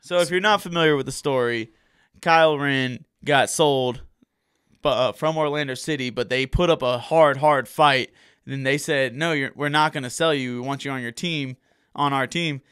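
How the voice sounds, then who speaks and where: Steady man with a bright, smooth voice. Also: medium pitch, moderate pace. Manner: steady, steers the conversation. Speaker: podcast co-host. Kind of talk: casual sports chat.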